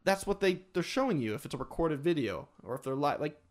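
A man co-hosting a casual podcast chat, animated and rambling, with many restarts. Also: a little high, fast talker. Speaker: podcast co-host, streamer.

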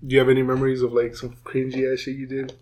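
A man's voice: mid-range voice, completely flat delivery, rapid-fire, a little mellow. A man co-hosting a casual podcast chat, asking laid-back questions and teasing his partner. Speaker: podcast co-host.

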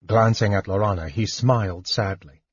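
A man narrating a fantasy audiobook in a measured, even storytelling manner. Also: on the low side, breathy edge, dry recording, lo-fi sound.

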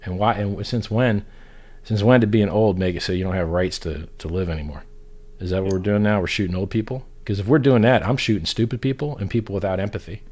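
A man's voice: on the low side, fast, darkish tone. A man on a casual talk show, ranting bluntly and swearing constantly in a heated, profane way.

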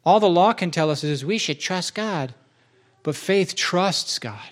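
A man's voice: sits high, lively intonation, measured pace. A man preaching a sermon in a church, enthusiastic and conversational, often restarting his sentences.

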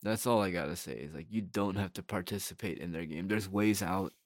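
A man's voice: low-pitched, a little fast, dry recording, clean studio sound. A young man hosting a solo podcast, rambling bluntly in casual talk and swearing freely. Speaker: podcast host.

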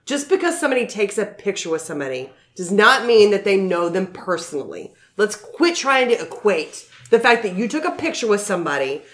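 A woman's voice: medium pitch, very animated, a little fast, few pauses, fairly bright tone. A woman co-hosting a podcast in casual chat, blunt and opinionated, swearing freely. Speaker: podcast co-host. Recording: echoey room.

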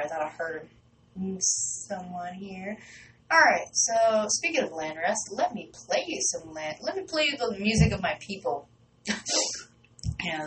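A young woman DJ in a small radio studio, chatting casually and gushing excitedly, with lots of fillers as she rambles. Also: mid-range voice. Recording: distant mic with faint background noise.

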